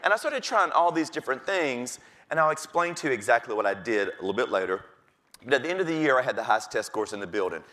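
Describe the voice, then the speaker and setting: A middle-aged man, a teacher, telling stories from his classroom with lively delivery and acting out the voices of kids and his principal. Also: mid-range voice, quick pace. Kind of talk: storytelling talk.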